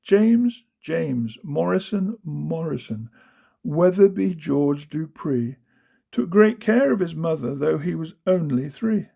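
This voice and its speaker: A man's voice: on the high side, animated, unhurried, vocal fry, dark tone, dull audio. A man giving a rhythmic, sing-song storybook reading of children's poems. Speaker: reader of children's verse.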